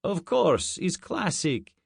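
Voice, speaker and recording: A blustering, bawdy Russian man with a thick Russian accent and broken English, as a male narrator puts him on. The voice sits higher and pushes louder than the reader's own. Dry, close studio sound. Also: very animated, slow, gravelly, breathy edge, no echo, full character voice. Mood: brash. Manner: heavy accent, dropped articles, bawdy.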